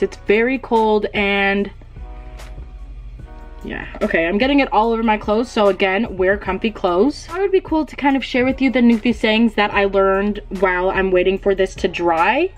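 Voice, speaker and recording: A woman's voice: mid-range voice, moderate pace, soft background music. A young woman vlogging a casual DIY beauty tutorial at home, chatty, laughing at herself and swearing casually.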